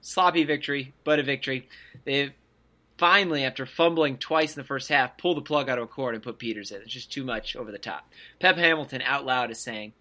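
A co-host on a podcast talks fairly quickly in a mid-range voice, casually covering college football. Animated throughout, he mimics the players by putting on voices.

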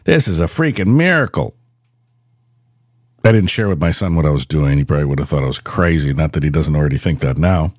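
A middle-aged man hosting his own podcast, telling stories in a rambling, animated way with frequent restarts. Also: very deep voice, fast, few pauses, no echo, studio quality. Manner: rambling storyteller, animated, self-correcting. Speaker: podcast host. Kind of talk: casual monologue.

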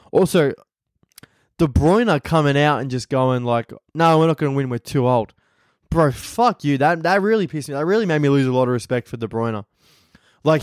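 A man's voice: mid-range voice, darkish tone, no room sound, clean studio sound. A man in his twenties with an Australian accent, hosting a casual solo podcast and telling rambling, profane stories. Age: 20s. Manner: profane, rambling storyteller who acts out others' lines. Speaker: podcast host, comedian.

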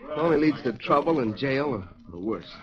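Earnest man playing a fourteen-year-old boy, calm and firm, lively pitch, 1940s radio acting, lo-fi old recording. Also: a little fast, crowd noise, close to an everyday voice.

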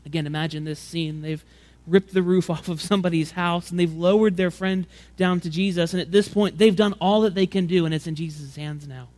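Brief: male pastor, fairly high voice, casual sermon delivery, frequent stumbles and restarts. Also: fairly even intonation, a little fast, few pauses, darkish tone. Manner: conversational preaching, acts out quotes with rising pitch and volume; frequent repeated words and restarts.

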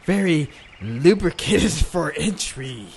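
A performer voicing a sly, hypnotic python in a comic improvised retelling of a jungle story, speaking slowly and insinuatingly. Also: medium pitch, expressive, a crowd in the background, pitched below the performer's own voice. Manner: slow, drawn-out, insinuating. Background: music.

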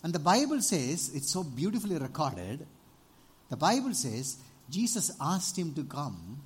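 A man preaching a sermon, animated, often asking the congregation for amens and rising to loud exclamations. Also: fairly high pitch, a little slow, breathy edge. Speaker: pastor.

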